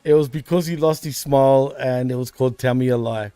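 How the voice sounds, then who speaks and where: An Australian podcast co-host banters casually about wrestling in a brisk, mellow, smooth voice of medium pitch. Laid-back, he calls people bro and dude. The recording is dry, with soft music in the background.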